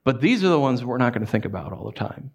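A man in his thirties preaching a sermon as pastor, animated and joking as he tells stories. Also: mid-range voice, quick pace, highs cut off. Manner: animated, jokey storytelling with laughs.

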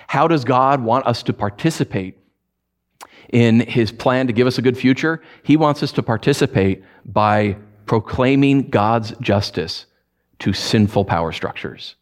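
A man preaching a conversational livestreamed sermon as a pastor, often restarting phrases and moving from emphatic peaks to quiet, low stresses. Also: a little slow.

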